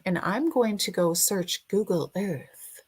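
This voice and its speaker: A woman's voice: medium pitch, takes it slowly, slightly rough. A woman hosting a casual livestream, chatting and greeting viewers by name, sometimes singing a snippet. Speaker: livestream host.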